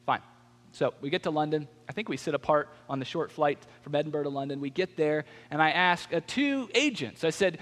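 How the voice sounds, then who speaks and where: Conversational pastor in a reverberant hall. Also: male voice, fairly high pitch, fairly quick. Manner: conversational, animated storytelling. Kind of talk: sermon with personal story.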